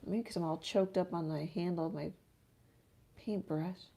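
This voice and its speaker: A woman's voice: on the low side, fairly even intonation, normal speed, vocal fry, dark tone, slightly rough. A woman talking through her painting in a casual livestream from her art studio, musing to herself as she works. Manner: musing, self-talk while painting, trails off. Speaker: art teacher painting live.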